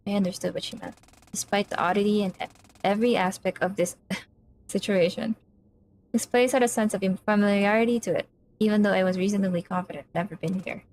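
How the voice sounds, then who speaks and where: A woman's voice: medium pitch, brisk, a little mellow, a little hiss or hum. A woman streamer reading a visual novel aloud on a livestream, breaking off into nervous, easily spooked chatter with her chat.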